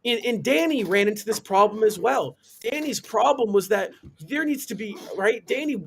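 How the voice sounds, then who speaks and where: A man's voice: high voice, animated, normal speed, vocal fry, fairly bright tone, a little hiss or hum. A man on a live sports talk stream, ranting emphatically with indignant rhetorical questions. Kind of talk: heated sports opinion rant. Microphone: live stream call.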